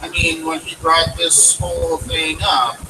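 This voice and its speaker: A man voicing an anxious young biblical son who asks nervous questions, recorded on a distant mic over loud noise. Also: on the high side, completely flat delivery, a little slow, natural voice.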